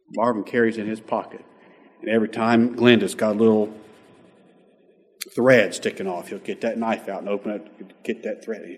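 A man preaching a sermon as pastor, earnest, swelling loud and then dropping almost to a whisper. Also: lowish voice, steady tone, a little fast. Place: church sanctuary. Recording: long hall reverb from a church.

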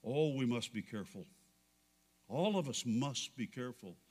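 A man preaching a sermon as pastor, dramatic, swinging between loud declarations and hushed questions. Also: mid-range voice, animated, moderate pace, breathy edge, in a large hall.

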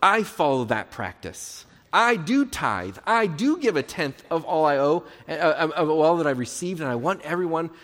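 A smug, self-righteous religious man, put on by a preacher, boasts slowly and proudly in a slightly high voice. It echoes in a long hall reverb. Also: close to an everyday voice. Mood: boastful. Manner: slow, proud, self-satisfied.

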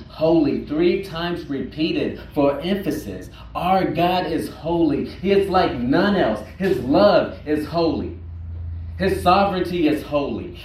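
A man preaching a sermon as pastor, slow and emphatic, repeating words for weight. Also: fairly high pitch, a little mellow. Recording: roomy echo, distant mic, faint noise.

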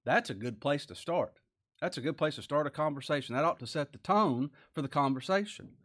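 Male pastor, earnest folksy sermon delivery, slightly high voice. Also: animated, fairly quick, fairly bright tone. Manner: folksy, earnest preaching with Southern dialect.

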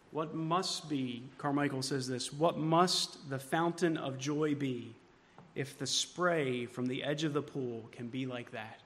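A male pastor delivers a sermon in a high, bright voice that carries a long reverb around him. He swings between hushed, tender passages and loud, emphatic declarations.

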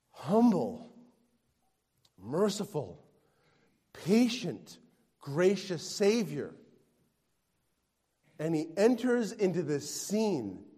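A man preaching a sermon, swinging from hushed tenderness to loud emphatic declaiming. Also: on the high side. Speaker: pastor. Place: church sanctuary. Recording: long reverb of a large hall.

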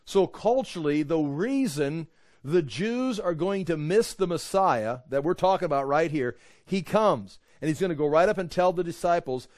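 A man preaching in a conversational, animated way, acting out the voices he quotes. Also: on the high side, normal speed, dry recording, clean studio sound. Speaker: pastor. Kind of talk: sermon.

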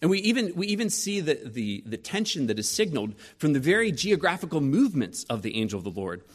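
A man's voice: fairly high pitch, fast, husky. A man in his forties preaching a sermon, telling personal stories and asking rhetorical questions. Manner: storytelling, rhetorical questions, lively shifts in loudness. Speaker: pastor.

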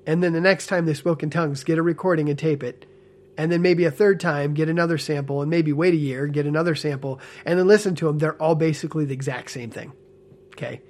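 A man in casual spoken commentary, animated and earnest with a smile in his voice, often checking in with "okay?" and "right?". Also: fairly high pitch, a little fast. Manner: animated, frequent tag questions like "okay?" and "right?"; talks with a smile, amused and earnest. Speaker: ex-church member commentator.

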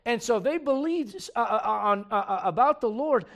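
A man's voice: extremely high pitch, lively intonation, moderate pace, a bit bright. A man pastor preaching a casual, conversational sermon to his congregation and reading scripture aloud.

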